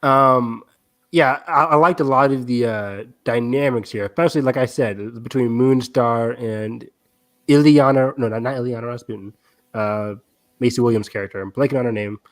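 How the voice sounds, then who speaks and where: A man's voice: medium pitch, normal speed. A young man co-hosting a podcast, chatting casually in a film review, hesitant and rambling with lots of fillers. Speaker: podcast co-host.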